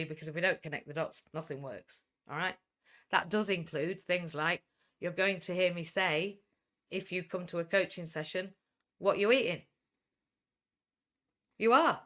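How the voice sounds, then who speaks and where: A woman's voice: lowish voice, fairly even intonation, normal speed, fairly bright tone. A blunt, outspoken woman with a Welsh English accent who runs a coaching business, giving a livestream talk and swearing when she gets fired up.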